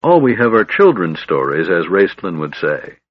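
A man's voice: low-pitched, big pitch swings, normal speed, no echo, lo-fi sound. A man voicing a bitter, honor-bound young knight with a grave, brooding delivery.

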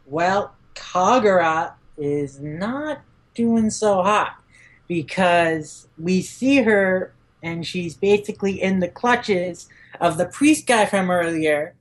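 Chatty woman, many fillers, acting out lines. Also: on the low side. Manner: many "like" fillers, acts out characters' lines in quick raised voices. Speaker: podcast guest. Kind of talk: casual manga recap.

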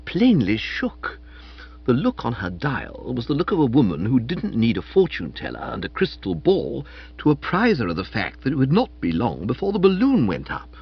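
A man narrating a comic story in the first person, in a lively, playful reading. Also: mid-range voice, slightly rough. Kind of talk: scripted audiobook narration. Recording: dull, muffled audio.

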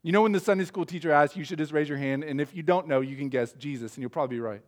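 High-voiced man preaching a sermon. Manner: emphatic, measured preaching with rhetorical questions. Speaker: pastor.

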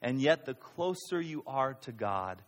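A man preaching a sermon as a pastor, swinging between loud, high-pitched outbursts and quiet, low delivery. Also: big pitch swings, a little slow. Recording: reverberant hall.

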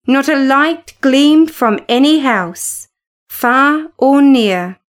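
A woman reading a novel aloud in a measured, expressive narration. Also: sits high. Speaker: audiobook narrator. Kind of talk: scripted narration.

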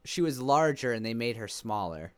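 Male co-host with a smooth, resonant voice; relaxed, unhurried gamer chat. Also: medium pitch. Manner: laid-back, hesitant, casual. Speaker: podcast co-host. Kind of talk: casual gaming chat.

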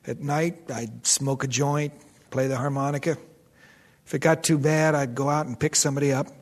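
A man's voice: medium pitch, flat delivery, moderate pace, long reverb tail, natural voice. An actor playing a weary, guilt-ridden middle-aged man who narrates his own story in a radio drama. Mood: reflective. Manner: dry, reflective narration. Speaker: narrator and character.

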